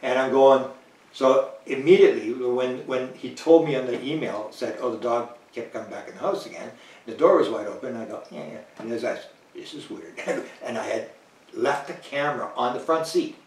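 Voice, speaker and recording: A man guest in an interview telling a long anecdote in a lively way, acting out the lines of people he quotes and chuckling now and then. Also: medium pitch, normal speed. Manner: animated, chuckling, acts out quoted dialogue. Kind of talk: anecdotal storytelling in conversation. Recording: roomy, distant mic.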